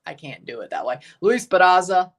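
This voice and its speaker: A man's voice: high-pitched, expressive, brisk. A man hosting a casual soccer watchalong livestream, rambling, chuckling and repeating himself as he reads out lineups and chats. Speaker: livestream host reading chat.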